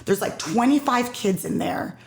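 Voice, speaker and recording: A woman's voice: a little high, a little slow, a little hiss or hum. A middle-aged woman speaking as a parent guest in a casual podcast conversation, telling her story with emphasis and quoting the people in it. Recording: roomy echo.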